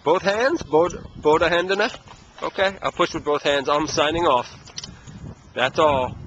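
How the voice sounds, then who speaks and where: A man's voice: a little high, unhurried, a bit bright, muffled recording. Patient father filming at a playground. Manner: patient, coaxing questions. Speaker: language teacher and father. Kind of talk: casual outdoor language lesson. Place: outdoor playground. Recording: noisy outdoor camera audio.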